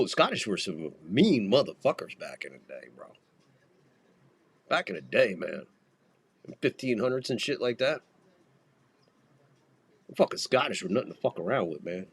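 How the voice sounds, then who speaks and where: A man from the United States gives casual live baseball commentary on his own podcast. His voice sits low. He swears freely and wanders off into jokes and tangents. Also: very animated, moderate pace, long pauses, slightly rough. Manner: profane, rambling, jokey. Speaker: podcast host calling a baseball game.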